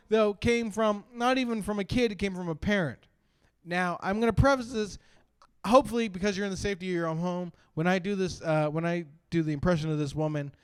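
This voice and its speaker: A man's voice: a little high, clean tone, dry recording. Rambling stand-up comic man, dry sound. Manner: rambling, lots of "like" and "uh", sudden loud bursts. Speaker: stand-up comedian. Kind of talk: stand-up comedy set.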